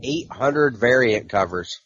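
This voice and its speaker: A man's voice: mid-range voice, lively intonation, slow, a bit bright, muffled recording, a little hiss or hum. A man co-hosting a comics podcast in casual chat, reading out titles and adding dry asides. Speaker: podcast co-host.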